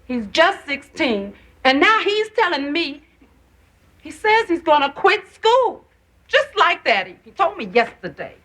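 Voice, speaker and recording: A woman's voice: sits high, sing-song, normal speed, hardly any pauses, a bit bright. An actress playing a middle-aged working mother who worries over her teenage son and talks in a fretful, confiding way.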